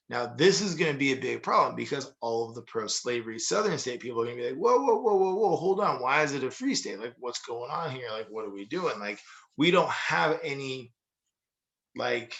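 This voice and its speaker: A young man teaching a history lesson in a casual, jokey way, full of asides and quick analogies. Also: mid-range voice, gravelly, pushed and bright, rough recording. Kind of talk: casual recorded history lecture.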